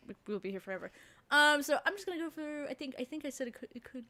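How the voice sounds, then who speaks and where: Giggly gamer lady chatting thru a playthrough, highish voice, bouncy. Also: lively intonation, fast talker, sharp tone. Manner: giggly, chatty, self-deprecating. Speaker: let's play host. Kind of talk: casual gameplay commentary.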